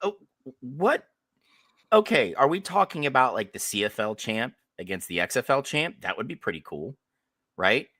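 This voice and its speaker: A man hosting a casual sports podcast, talking forcefully with sarcastic asides. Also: mid-range voice, sing-song, brisk, no echo, studio quality. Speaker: podcast host.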